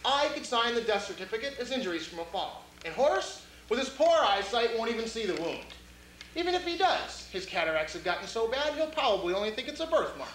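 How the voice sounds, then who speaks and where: A man's voice: very high voice, sing-song, fairly quick, a bit bright, heavily acted. A man playing a conniving doctor in a stage play, with a sly, theatrical delivery. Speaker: community theater actor. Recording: roomy stage recording, faint hiss.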